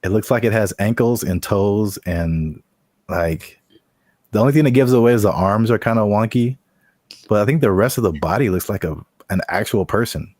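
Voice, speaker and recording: A man's voice: on the low side, moderate pace, darkish tone, dry recording, studio quality. A man hosting a podcast in casual chat, joking playfully and laughing often. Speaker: podcast host.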